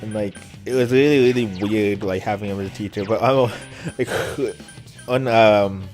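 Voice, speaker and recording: Rambling young man with a lowish voice. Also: fairly even intonation, normal speed, a little mellow, soft background music. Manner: rambling, many filler words, laughs often. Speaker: let's play commentator. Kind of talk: casual gameplay commentary, storytelling.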